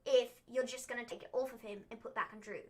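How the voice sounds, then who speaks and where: Animated high-voiced young woman host. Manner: animated, quick rapid-fire questions. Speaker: wrestling recap host. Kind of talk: casual livestream chat.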